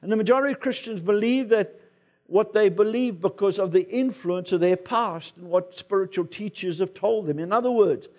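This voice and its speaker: A South African man preaching in a church, talking to the congregation as though chatting with friends. His voice sits fairly high for a man. The recording is dull and lo-fi. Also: moderate pace. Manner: conversational preaching with personal anecdotes. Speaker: pastor. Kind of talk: sermon. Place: church sanctuary.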